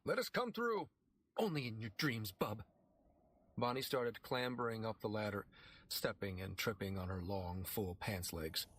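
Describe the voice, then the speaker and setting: A man narrating a story in a measured, dramatic audiobook reading. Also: lowish voice, a little hiss or hum.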